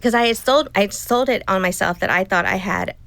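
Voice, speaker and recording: A woman's voice: medium pitch, brisk, fairly bright tone, slight background noise, poor audio. A woman in her fifties tells a personal story to an interviewer, speaking emotionally and acting out what others said in quotes. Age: 50s. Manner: emotional, retelling dialogue in quotes. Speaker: guest.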